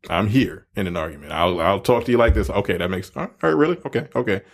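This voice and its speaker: A man's voice: sits low, expressive, fast talker. A man co-hosting a casual podcast chat, talking candidly and reflectively with casual swearing. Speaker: podcast co-host.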